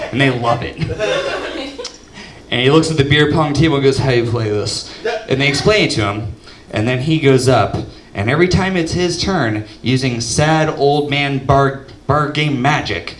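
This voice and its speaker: A young man doing stand-up, telling a story deadpan and shouting the punchlines. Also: mid-range voice, moderate pace, crowd noise. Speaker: stand-up comedian. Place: comedy club stage. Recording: roomy club audio from a distance. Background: audience laughter.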